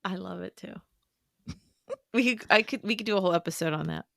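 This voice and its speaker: A woman's voice: fairly low pitch, fast talker, gravelly, a bit bright, dry recording, clean studio sound. An American woman co-hosting a fan podcast, trading playful, joking banter in a casual chat. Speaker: podcast co-host.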